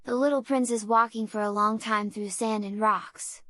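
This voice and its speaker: A woman narrating a simple storybook for English learners, reading in a clear, measured way. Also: mid-range voice, fairly even intonation, sharp tone, no echo.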